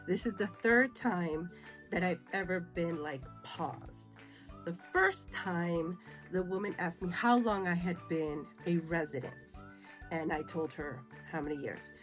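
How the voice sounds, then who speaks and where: A woman from the United States, middle-aged, telling a story to camera in a casual, animated way, acting out the dialogue and slipping into Spanish phrases. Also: fairly low pitch. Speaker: vlogger.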